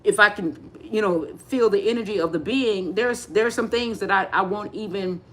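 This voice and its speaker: A woman's voice: mid-range voice, moderate pace, a bit bright. A woman giving a live spiritual talk, rambling with many restarts and speaking straight to her listeners. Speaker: spiritual teacher.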